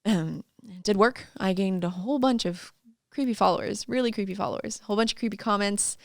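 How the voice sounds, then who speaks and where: A woman guest and fitness coach chatting in an interview, a lively storyteller who laughs often and acts out what people said. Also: mid-range voice, brisk, vocal fry, dry recording, clean studio sound. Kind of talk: casual interview chat.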